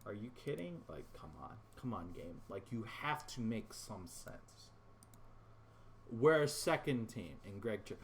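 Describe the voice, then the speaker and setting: A man's voice: on the low side, very animated, measured pace, a little hiss or hum. A man ranting to his viewers in casual gameplay commentary, frustrated, swearing and rambling, calling them "boys". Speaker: gaming YouTuber.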